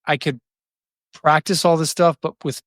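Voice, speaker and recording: A man in his forties speaking candidly as an interview guest, reflective and halting, often restarting sentences. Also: fairly high pitch, steady tone, fairly bright tone, no echo, studio quality. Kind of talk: candid conversation.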